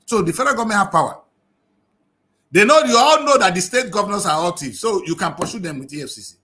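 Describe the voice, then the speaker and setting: A man's voice: sits high, animated, fast, pushed and bright, slight background noise. Fiery male TV commentator. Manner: fiery, scolding, full of rhetorical questions. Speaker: TV news review commentator. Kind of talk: impassioned political commentary.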